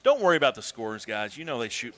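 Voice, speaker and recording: A man doing casual live commentary on a golf video game tournament, swearing and breaking into shouts. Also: mid-range voice, fast. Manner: excitable, swears, bursts into shouts.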